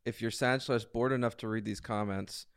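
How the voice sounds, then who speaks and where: A man with a smooth, resonant voice reads listener comments on a casual podcast. The sound is dry and close, with no room echo. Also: lowish voice, steady tone, normal speed. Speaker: podcast co-host reading comments. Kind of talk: casual chat.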